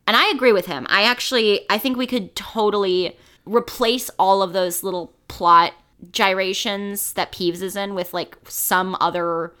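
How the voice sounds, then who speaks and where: Blunt bright-voiced woman podcaster. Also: medium pitch, moderate pace, clear, resonant tone. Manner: blunt, opinionated, swears. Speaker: podcast co-host. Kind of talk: casual chat.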